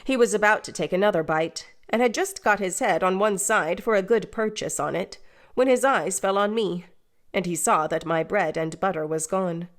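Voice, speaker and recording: Woman narrator, measured and even, reading a classic novel aloud. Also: mid-range voice. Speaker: audiobook narrator. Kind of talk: scripted narration.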